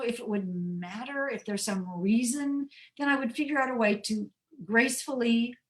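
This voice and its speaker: A woman author answering audience questions in a chatty, animated way on a video call, often restarting her phrases. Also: fairly high pitch, low-quality recording. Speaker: author guest.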